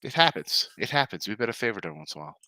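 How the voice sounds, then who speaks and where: Gruff ranting older man, bright voice. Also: lowish voice, very animated, very fast, no echo. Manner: gruff, sarcastic, worked-up ranting. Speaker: sports betting podcast host. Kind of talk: ranting sports betting picks show.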